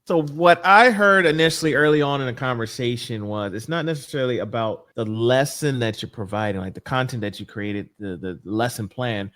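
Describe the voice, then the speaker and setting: A man's voice: medium pitch, a little fast, hardly any pauses, fairly bright tone. A man hosting an interview, recapping the guest's points with restarts and short backchannels. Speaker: podcast host. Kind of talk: interview host.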